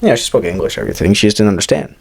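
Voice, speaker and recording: Podcast co-host, man in his twenties, animated chatty storyteller. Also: fairly low pitch, racing, creaky, slightly rough. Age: 20s. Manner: animated, acts out quoted voices, many fillers. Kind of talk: casual storytelling chat.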